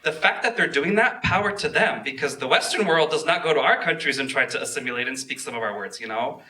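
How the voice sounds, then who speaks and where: A man on a film panel, telling a story about his own work in a candid, animated way. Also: fairly high pitch, quick pace. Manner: candid, animated, recounts with emphasis. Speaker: actor, panelist.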